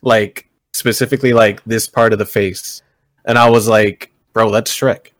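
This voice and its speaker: A man co-hosting a podcast, chatting in a relaxed, offhand way. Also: on the low side, moderate pace, dry recording. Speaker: podcast co-host. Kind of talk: casual podcast chat.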